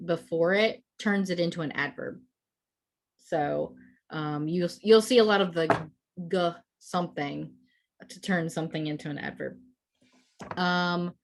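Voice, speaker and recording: A woman with a slightly low-pitched voice teaching over a video call. She explains things patiently and steadily, pausing often on hesitant fillers as she works through each point. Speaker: language presenter. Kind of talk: explanatory online presentation.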